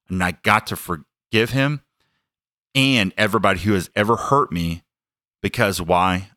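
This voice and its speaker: A man's voice: on the low side, a bit bright, no room sound, studio quality. A man preaching a sermon, emphatic and earnest, stacking phrases as he builds each point and sharing his own story. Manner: emphatic, building lists with rising intensity; earnest personal testimony.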